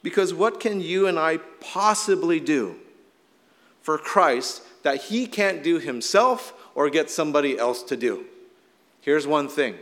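A middle-aged man, a little hoarse from shouting, preaching a casual, conversational sermon full of "like" fillers. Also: on the high side, lively intonation, measured pace. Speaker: pastor. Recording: long hall reverb.

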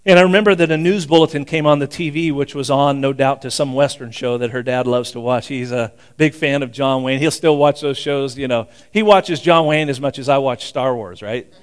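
A man's voice: medium pitch, fairly quick, hardly any pauses, clean tone. A man in his sixties preaching a sermon in a conversational way, with frequent asides and restarts. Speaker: pastor.

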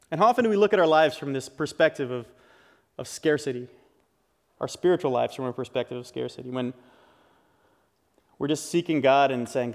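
A man's voice: mid-range voice, normal speed, pauses often. A male pastor giving an earnest, conversational sermon in a church, often restarting his phrases as he builds a point. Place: church sanctuary. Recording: long hall reverb.

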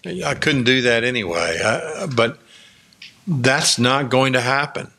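A man preaching a sermon, telling stories in a slow, conversational way with many pauses and fillers. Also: mid-range voice, expressive, gravelly, sharp tone. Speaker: pastor.

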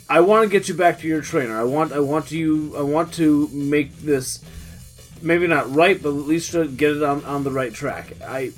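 A man voices an earnest young male trainer in a tabletop game, a little high in pitch. He stumbles over his words, apologetic one moment and firm the next, over faint guitar music. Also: natural voice. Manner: pleading, hesitant, many restarts.

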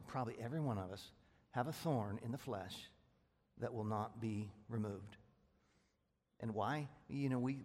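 A man preaching a sermon as pastor, talking quickly in a folksy, plain-spoken way. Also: medium pitch. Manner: fast-talking, self-described; folksy, rural American speech. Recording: long reverb of a large hall.

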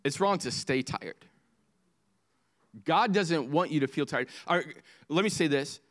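A man preaching a sermon as pastor, swinging from impassioned highs to hushed lows. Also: measured pace.

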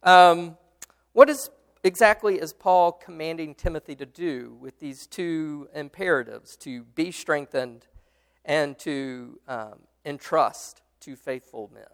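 Gravelly-voiced man leading a Bible study. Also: fairly high pitch. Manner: halting, many fillers and restarts; explains patiently, responds to students.

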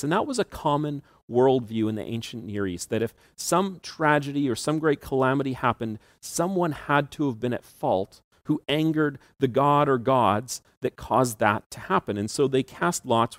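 A man preaching a sermon in a chatty storytelling manner, breaking into small laughs as he retells the tale. His voice sits at an ordinary middle pitch. The sound is dry and close, with almost no room echo. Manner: conversational storytelling with asides and laughs. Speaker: pastor.

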